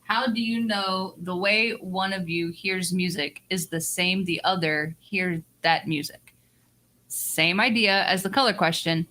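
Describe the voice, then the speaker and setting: A woman's voice: on the low side, unhurried, pushed and bright. A woman hosting a podcast, reading out listener questions and asking about the band. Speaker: podcast host.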